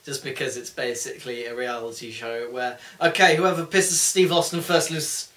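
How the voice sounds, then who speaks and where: Excitable young man, echoey room. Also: medium pitch, normal speed. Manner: excitable, swearing, jokey. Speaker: co-host. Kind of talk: casual chat. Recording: echoey room, far from the mic.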